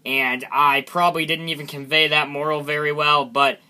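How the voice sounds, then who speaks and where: A man's voice: on the high side, level tone, moderate pace, pushed and bright. A man hosting his own channel, casually reviewing a character from his animation, self-deprecating and often restarting his sentences.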